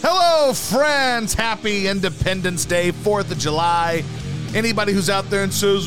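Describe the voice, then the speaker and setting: A man's voice: sits high, expressive, a little slow, music in the background. A man in his thirties hosting a casual podcast, ranting emphatically and swearing a lot. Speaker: podcast host. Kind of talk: casual opinionated chat.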